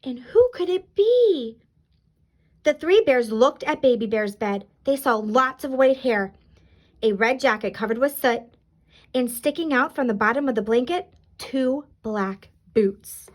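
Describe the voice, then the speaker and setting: A woman reading a children's storybook aloud in an expressive, animated way. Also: on the high side, measured pace.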